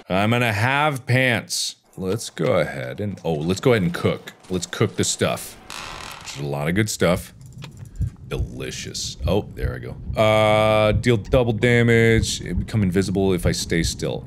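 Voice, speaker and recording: A man doing jokey commentary while playing a horror game, muttering low then shouting in fright. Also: expressive, normal speed, slight background noise. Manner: jokey, swings from mutters to loud shrieks. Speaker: gaming YouTuber.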